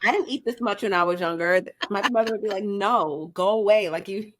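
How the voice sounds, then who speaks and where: A woman's voice: mid-range voice, fast, slight background noise. A woman in her thirties co-hosting a podcast, ranting bluntly and exasperated about feeding her kids, with plenty of swearing. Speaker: podcast co-host. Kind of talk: casual chat.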